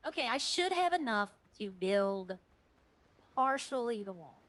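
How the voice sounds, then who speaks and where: A woman's voice: on the high side, big pitch swings, unhurried, fairly bright tone, rough recording. A woman streamer chatting casually while playing a game, rambling and earnest, often restarting her sentences.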